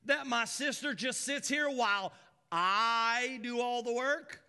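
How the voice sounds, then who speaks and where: A shrill, whiny woman, as a male preacher puts her on, nagging and pleading in exasperation. Her voice sits high and sharp in a sermon retelling, with a bright, piercing edge. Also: takes it slowly, smooth, long reverb tail, heavily acted. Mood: aggrieved. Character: whiny put-upon woman complaining. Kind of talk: sermon storytelling.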